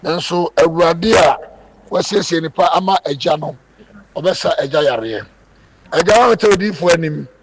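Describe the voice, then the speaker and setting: A man's voice: fairly high pitch, moderate pace, poor audio. A man leading a healing service, praying fervently and having people repeat his words. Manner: fervent, commanding, leads repeat-after-me prayers. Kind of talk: healing prayer and call-and-response. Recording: background noise.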